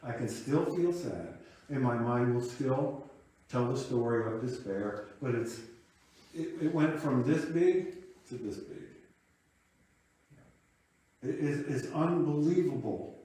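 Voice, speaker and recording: A man's voice: mid-range voice, slow pace, long pauses, dark tone. A man in his late fifties giving a sermon, reflective and conversational as he tells a personal story. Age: 50s. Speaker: minister. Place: church sanctuary. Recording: echoey hall, voice from a distance.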